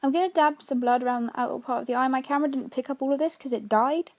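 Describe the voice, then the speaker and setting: A woman talks through her makeup tutorial in a quick, chatty voice-over. Her voice sits high and she moves along fast, explaining every step. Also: a little mellow. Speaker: makeup artist.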